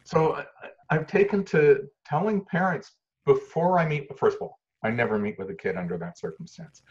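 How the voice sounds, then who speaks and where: A man from Canada, a parenting expert explaining ideas in a lively way and acting out little scenes with changing voice and volume. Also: on the high side, normal speed. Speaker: parenting expert, workshop leader. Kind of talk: animated storytelling explanation. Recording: dull lo-fi sound.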